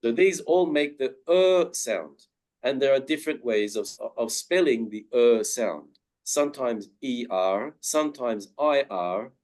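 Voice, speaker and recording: A man teaches pronunciation at a slow, deliberate pace. His pitch swings widely as he draws out each example word. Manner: drawn-out example words with lively pitch. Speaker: webinar presenter on pronunciation. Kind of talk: slow, careful pronunciation lesson.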